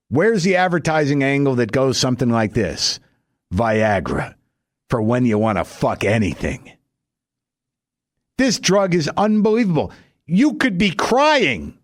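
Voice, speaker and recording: A middle-aged man delivering a stand-up monologue, telling a wry story and leaping high and loud for his punchlines. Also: no room sound, clean studio sound. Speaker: stand-up comedian.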